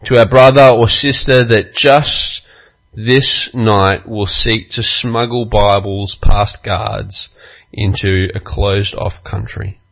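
Slow, earnest male pastor preaching. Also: on the low side, fairly even intonation, gravelly, a bit bright, rough recording. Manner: slow, earnest storytelling with acted quotes. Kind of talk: sermon.

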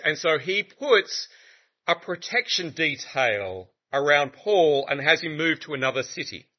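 A man preaching a sermon in an animated, conversational way, with humorous asides to the congregation. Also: on the high side. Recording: muffled lo-fi recording.

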